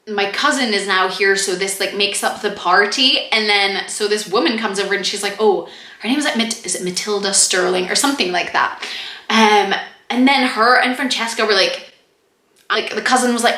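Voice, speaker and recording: A young woman chatting casually as she reviews a TV series, full of "like" and quick laughs. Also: mid-range voice, pushed and bright. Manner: chatty, lots of "like", quick laughs and mock quotes. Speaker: TV review vlogger. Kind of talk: casual review chat to camera. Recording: echoey room.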